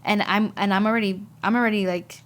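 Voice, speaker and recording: A woman guest sharing a personal testimony on a podcast, talking haltingly and repeating words as she recalls events. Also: medium pitch, fairly even intonation.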